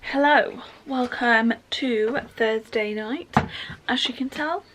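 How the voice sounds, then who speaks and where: A young woman, chatting in an excitable, gushing way in a casual vlog. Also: on the high side, slow, over loud music. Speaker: vlogger. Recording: faint background noise.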